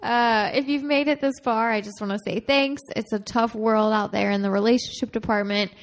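Gravelly woman reading a letter aloud. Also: fairly high pitch, steady tone, brisk. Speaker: podcast co-host. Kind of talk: casual chat, reading a listener email aloud.

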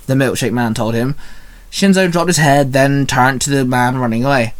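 A man reads a fan story aloud in a casual, unpolished way, stumbling and restarting now and then. His voice sits at a middling pitch. He narrates as a storyteller. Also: steady tone, normal speed. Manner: casual reading with small slips.

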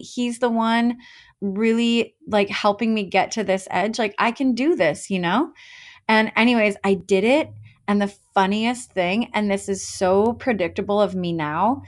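A woman's voice: mid-range voice, moderate pace. A woman in her thirties co-hosting a podcast, telling stories with energy in casual chat, with lots of "like"s. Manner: energetic, storytelling, many "like"s. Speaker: podcast co-host.

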